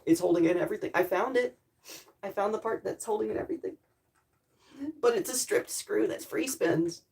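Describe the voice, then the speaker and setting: A young woman streams from her bedroom at home, chatting casually and muttering to herself as she tinkers with a gadget. Her voice is medium-pitched, creaky, darkish, and a little fast.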